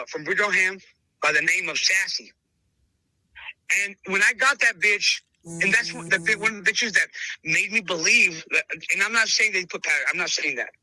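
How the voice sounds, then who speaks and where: A man with a fairly high, sharply forceful voice, recounting his dogs in a podcast interview. He stumbles and repeats words as he goes and keeps calling the listener brother. The sound is close and dry. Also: dry recording, low-quality recording. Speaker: dog breeder interviewed on a podcast. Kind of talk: animated storytelling in conversation.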